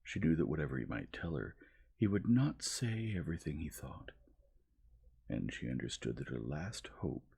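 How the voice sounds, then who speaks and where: A man reading a classic novel aloud in a slow, hushed ASMR style. His voice is extremely deep and thick with gravelly fry. It is very husky, almost breathy throughout. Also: sing-song. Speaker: narrator.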